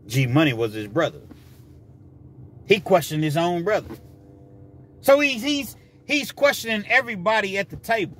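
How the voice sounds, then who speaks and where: Lively, bright-voiced male storyteller who acts scenes out, casual vlog delivery. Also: on the high side, normal speed.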